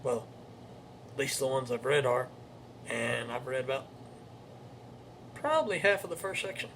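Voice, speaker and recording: A man's voice: medium pitch, lively intonation, normal speed, fairly bright tone, a little hiss or hum. A young man hosting his own show, talking in a rambling, self-correcting way and reading verse aloud. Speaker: show host. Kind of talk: casual monologue with poetry recitation.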